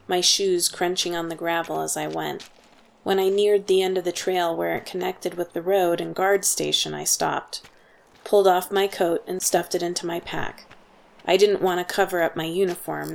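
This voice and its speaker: A woman reading a first-person story as a steady audiobook narrator. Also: on the low side, vocal fry.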